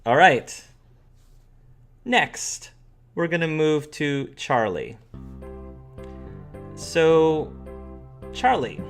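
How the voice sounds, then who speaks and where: A man's voice: a little high, expressive, very slow, pauses often, soft background music. Man running a tabletop session, casual rambling narration. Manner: rambling, full of fillers and restarts. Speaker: game master.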